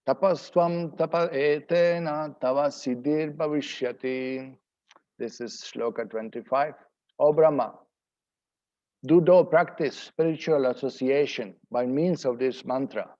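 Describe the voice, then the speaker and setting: A man teaching a scripture seminar, explaining verses word by word in an unhurried, explanatory way. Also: medium pitch, a little mellow, dull audio. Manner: explanatory, pauses to translate word by word.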